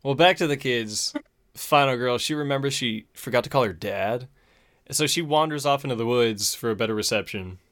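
A man's voice: mid-range voice, moderate pace, a bit bright. A man casually recapping a movie plot on a podcast, laid-back and profane, chuckling as he goes. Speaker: podcast host.

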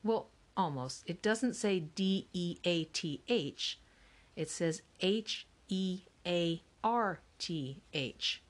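A woman voicing a steady, bookish older brother who speaks in a measured, patient way in an audiobook reading. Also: medium pitch, lightly acted.

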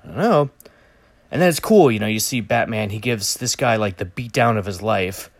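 Rambling, jokey man with a lowish voice. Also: expressive, moderate pace, gravelly, dry recording. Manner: rambling, lots of fillers and restarts, jokey. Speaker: vlogger reviewing a movie trailer. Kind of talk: casual solo commentary.

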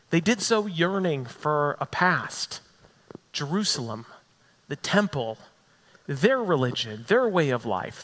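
A man delivers a sermon in a slow, deliberate cadence, his high voice swooping widely up and down as he repeats words for emphasis. The sound rings out with long reverb, as in a large hall. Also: fairly bright tone. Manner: dramatic, rising and falling delivery with repetition. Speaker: preacher.

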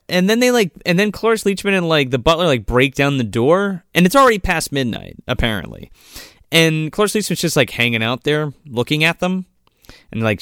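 A fairly high-voiced man recaps a film for his co-hosts, swearing freely and slipping into voices for the characters. His pitch swings widely as he talks. The sound is dry and close. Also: a little fast, clean tone, no room sound. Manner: profane, animated, acts out quotes in voices. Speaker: podcast co-host. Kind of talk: casual movie recap chat.

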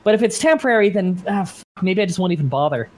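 A man's voice: high-pitched, expressive, fast talker, background noise. A man guesting on a live gaming podcast, chatting casually, rambling and swearing with a self-deprecating streak. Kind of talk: casual chat. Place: home setup, reading live chat.

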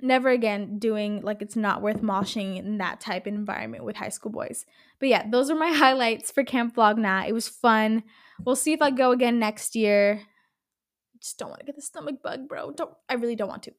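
Girl doing her own podcast, kinda high voice, cussing nonstop, rambly and animated. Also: moderate pace, dry recording, studio quality. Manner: animated, swears a lot, rambling storytelling. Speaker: podcast host. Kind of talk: casual solo podcast chat.

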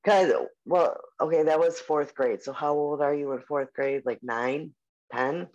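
A slightly mellow, medium-pitched voice at a measured pace belongs to a podcast co-host in their forties. They chat casually and ramble, with frequent "like" and "um" and easy swearing, over muffled lo-fi audio.

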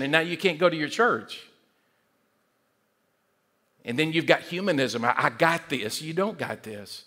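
A man preaching a sermon as pastor, animated, often repeating words and acting out quoted voices. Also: fairly high pitch, normal speed.

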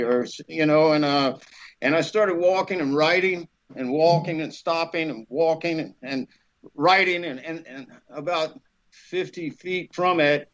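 Animated man telling a lively story. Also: fairly high pitch, measured pace, highs cut off. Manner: lively anecdote teller, acts out voices, laughs often. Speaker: actor guest.

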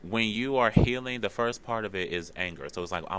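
Male podcast host, lowish bright voice, slangy and expressive, swears freely. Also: a little fast, hardly any pauses, clear, resonant tone. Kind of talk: casual podcast monologue.

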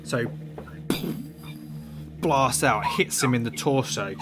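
A man's voice: medium pitch, slow, music in the background. A man running a tabletop horror game as game master, narrating in a loose, rambling, self-mocking way. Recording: noisy background.

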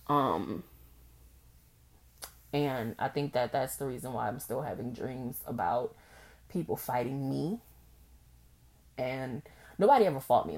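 A young woman hosting a casual solo podcast, talking candidly and acting out past conversations. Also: gravelly. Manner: candid and expressive, acts out past conversations in a high voice. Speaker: podcast host.

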